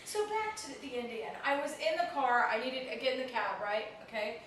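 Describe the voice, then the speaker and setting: A woman in her thirties, a comedian, telling a story in a casual interview, animated and self-mocking, often laughing as she talks. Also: high-pitched, a little fast, a little hiss or hum. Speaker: comedian guest. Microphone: handheld flip video camera. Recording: echoey room from a distant camera mic.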